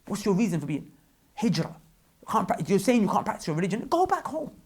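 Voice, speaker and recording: A man's voice: high-pitched, expressive, fast, a little mellow, breathy edge. A young British man in a fervent, preachy vlog rant. He often repeats himself as he speaks. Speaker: vlogger. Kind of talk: impassioned religious vlog rant.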